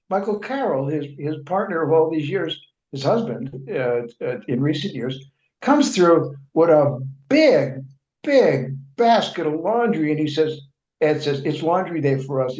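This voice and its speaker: A man with a fairly high, mellow voice tells long stories as an interview guest. He restarts his sentences, fills the gaps with "uh", and slips into quoting other people. The sound is dull and lo-fi, in a roomy, echoing space. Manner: rambling anecdotes with frequent restarts and fillers; acts out other people's remarks in quoted speech. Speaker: interview guest, writer and journalist. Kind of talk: conversational storytelling in an interview. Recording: echoey room, dull lo-fi sound.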